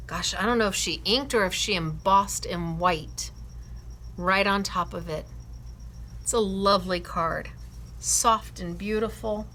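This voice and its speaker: Enthusiastic craft-class host, woman, bright tone, slow easy delivery, gushes over students' work. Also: mid-range voice. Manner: enthusiastic, gushing, laughs often. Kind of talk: showing and praising students' cards.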